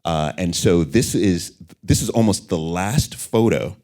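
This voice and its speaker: A middle-aged man talking candidly as an interview guest, an animated storyteller. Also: low voice, measured pace. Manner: animated storyteller, acts out voices in anecdotes.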